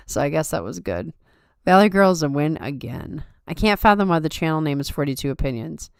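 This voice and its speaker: Low, smooth-voiced woman chatting. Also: lively intonation, moderate pace, pauses often, no echo, studio quality. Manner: chatty, upbeat, reads chat aloud. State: tired late at night. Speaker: podcast host. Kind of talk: casual live-stream chat.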